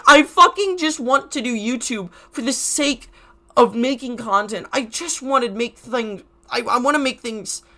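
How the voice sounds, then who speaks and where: A man's voice: very high-pitched, bright, forceful tone. A crying YouTuber man ranting to camera in an emotional vlog. He stutters, restarts his sentences and swears heavily.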